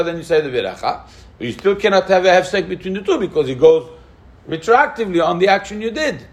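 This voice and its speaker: A man teaching a class on Jewish law, asking lively questions and mixing Hebrew terms into his English. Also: high voice. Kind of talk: spoken Jewish law lesson.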